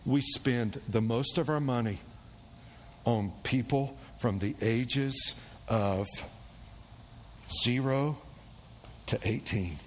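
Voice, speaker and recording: A male pastor preaching, telling a story with animated swings into the voices of the people in it. His voice sits at a medium pitch. It carries a long church reverb over a faint background hum. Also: slow pace, pauses often. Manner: animated storyteller, acting out quoted voices with big pitch jumps. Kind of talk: sermon storytelling. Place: church sanctuary.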